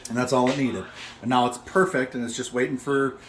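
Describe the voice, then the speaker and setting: A man's voice: medium pitch, fairly even intonation, a little fast, over music. A middle-aged man cooking in his home kitchen for a casual vlog, talking in a brash, joking, boastful way. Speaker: home cook vlogger.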